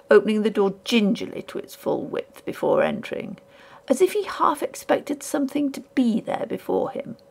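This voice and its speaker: Gravelly woman narrating a ghost story. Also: medium pitch, darkish tone. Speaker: audiobook narrator.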